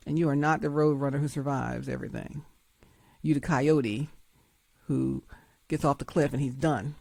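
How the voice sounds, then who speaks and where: A woman's voice: low voice, creaky, no echo, clean studio sound. A woman hosting her show, giving emphatic, preachy commentary with frequent laughs. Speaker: host.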